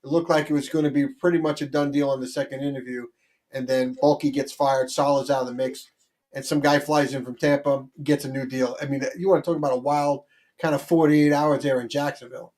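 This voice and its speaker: A man co-hosting a sports talk show, talking in an animated, rambling way with lots of restarts. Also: medium pitch, brisk. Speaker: sports podcast co-host.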